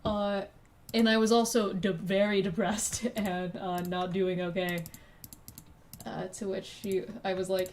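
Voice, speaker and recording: A woman's voice: medium pitch, flat delivery, unhurried, darkish tone, slight background noise. A woman streamer chatting casually while drawing, rambling and self-deprecating, swearing freely. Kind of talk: casual live-stream chat.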